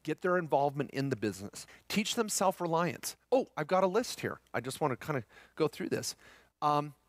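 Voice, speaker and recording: Middle-aged male seminar presenter, energetic and joking with the room, dry close-miked sound. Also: fairly high pitch, brisk, no echo. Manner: upbeat, jokey, addresses audience as guys. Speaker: seminar speaker on tax strategy. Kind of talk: live seminar talk to a room.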